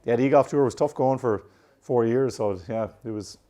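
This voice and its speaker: A man's voice: medium pitch, normal speed, dark tone. A man with an Irish accent tinged with American, chatting casually as an interview guest and rambling through his stories with plenty of restarts. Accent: Irish with some American drift. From Ireland. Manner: rambling, self-correcting, chuckles at himself. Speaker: professional golfer, guest.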